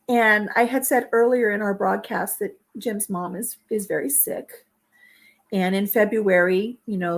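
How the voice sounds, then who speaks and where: A woman's voice: mid-range voice, breathy edge. A middle-aged woman hosting a casual home kitchen vlog, talking through tears as she shares memories. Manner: tearful, speaks through crying. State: crying. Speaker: vlog host. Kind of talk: casual chat while baking.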